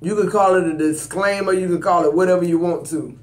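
In a high-pitched, steady voice, a tarot reader moves briskly through a reading. He's preachy and emphatic, talks straight to his viewers, and speaks AAVE. The recording carries a roomy echo.

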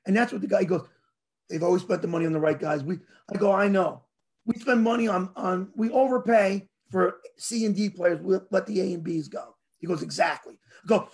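High-voiced animated New man. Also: a little fast, creaky. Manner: rambling, animated storytelling. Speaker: show host. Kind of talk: casual sports chat.

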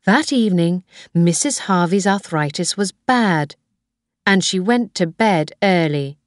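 Woman reading a simple story really slowly, clear, lower voice. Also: animated, no room sound, studio quality. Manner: slow, clear and careful. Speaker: audiobook narrator. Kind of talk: scripted narration of a graded reader.

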